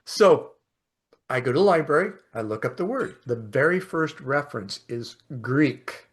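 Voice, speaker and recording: Hosting a podcast, a man spins stories in a casual, lively way at normal speed and medium pitch. He laughs often and performs the quotes as he goes in this conversational storytelling.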